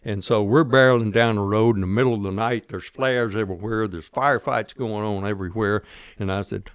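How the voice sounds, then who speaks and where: Older man with a low, dry voice. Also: moderate pace, clear, resonant tone, dry recording. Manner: folksy, plainspoken storyteller. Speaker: guest veteran. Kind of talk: storytelling interview.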